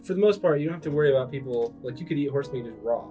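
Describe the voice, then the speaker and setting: A young man in casual comedic podcast chat, rambling with restarts and acting out quoted people in high voices. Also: racing, far from the mic, highs cut off, soft background music. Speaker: podcast co-host.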